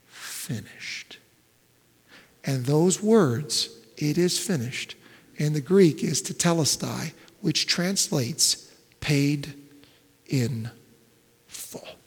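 A male pastor preaching a sermon, swinging between loud, emphatic build-ups and hushed, almost whispered lines. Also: on the high side. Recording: long reverb of a large hall.

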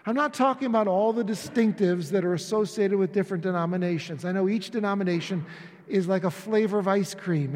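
A man's voice: high-pitched, a little mellow. A male pastor giving a conversational sermon to his congregation, acting out little dialogues along the way. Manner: conversational preaching with acted-out dialogues. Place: church sanctuary. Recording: echoey church hall.

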